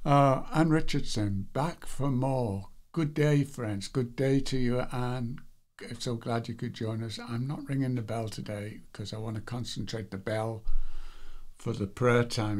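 A man's voice: medium pitch, darkish tone. A man hosting a live devotional stream, chatting casually and greeting viewers one by one, rambling a little with fillers. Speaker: devotional livestream host.

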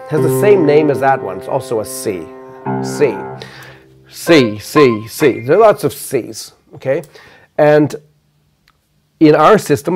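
An older man giving a measured, explanatory math lecture, counting notes aloud while playing piano. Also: medium pitch, a little mellow.

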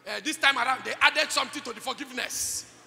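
A Nigerian pastor preaching a sermon at a conference, calling out to the congregation for responses and breaking into shouts. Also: male voice, very high voice, fast, vocal fry. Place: large church conference hall. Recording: reverberant hall with music underneath.

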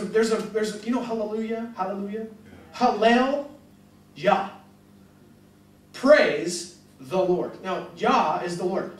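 A young man preaching animatedly to a crowd, telling jokey stories and acting out both sides of conversations. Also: very high voice. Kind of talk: animated sermon storytelling. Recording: echoey hall mic from a distance.

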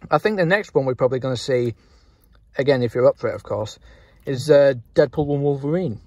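A young man co-hosts a laid-back film review, his voice husky and dry with little room around it. He speaks in an easygoing way and often restarts his thoughts partway through. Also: mid-range voice, brisk, no echo. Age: young adult. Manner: relaxed, hesitant with restarts. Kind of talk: casual film review chat.

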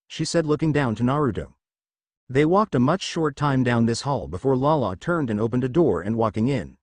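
Male narrator, fan story reading, lively pitch, dry close sound. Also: brisk, dry recording.

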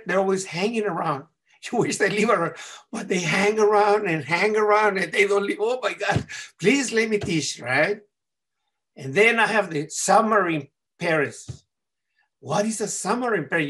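A man delivering a humorous contest speech in a high, bright register. His pitch leaps around animatedly, and he keeps tossing "right?" at the audience. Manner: animated, often tags "right?". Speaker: contest speaker.

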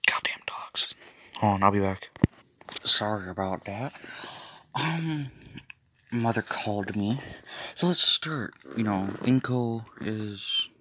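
A man's voice: on the low side, expressive, slow, long pauses, pushed and bright, a little hiss or hum. A young man casually telling a fan-made story, rambling with loose fillers, restarts and jokey asides.

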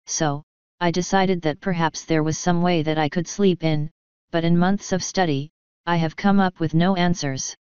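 A woman voicing a calm, regal female pony princess who speaks formally, in a storybook reading. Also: lowish voice, smooth, dry recording, close to an everyday voice. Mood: thoughtful. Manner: formal, measured speech. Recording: dull lo-fi dry recording.

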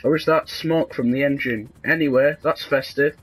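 A young man with a sarcastic, deadpan manner, casually commentating a video game and breaking into sudden excited yelps. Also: mid-range voice, normal speed, breathy edge, rough recording. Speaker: gaming video host.

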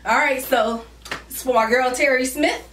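A woman's voice: sits high, moderate pace, fairly bright tone, slight background noise. A woman co-hosting a couple's vlog, chatting casually and teasing her partner while talking to the viewers. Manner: playful, teasing, talks to viewers as y'all. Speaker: co-host of a couple's channel. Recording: echoey room, mic at a distance.

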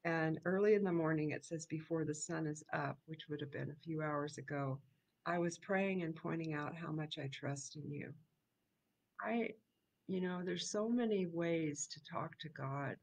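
A woman's voice: sits low, moderate pace, vocal fry, darkish tone, poor audio. Chatty woman hosting a live devotional. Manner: casual and conversational, laughs often, many ums. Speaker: devotional host and missionary. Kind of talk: live devotional, scripture reading and reflection.

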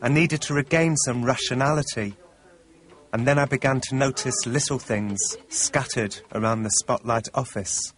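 A man's voice: mid-range voice, normal speed. Man narrating a documentary wryly. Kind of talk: first-person documentary narration.

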